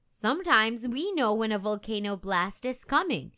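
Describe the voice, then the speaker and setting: A woman reading aloud, voicing a cheerful, patient schoolteacher who explains things clearly. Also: fairly high pitch, sing-song, moderate pace, sharp tone. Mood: instructive. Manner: clear instructive teacher tone.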